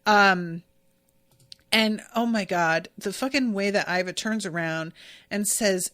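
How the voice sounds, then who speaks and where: A woman's voice: mid-range voice, slow pace, a bit bright. A woman hosting a podcast and casually recapping an episode, gushing and swearing freely. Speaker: podcast host.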